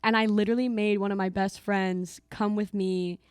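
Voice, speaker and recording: A woman's voice: medium pitch, flat delivery, moderate pace, a little mellow, clear, resonant tone, no room sound, clean studio sound. A young woman co-hosting a podcast, chatting casually in a giggly, rambling, self-deprecating way. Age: young adult. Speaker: podcast co-host. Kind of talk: casual chat.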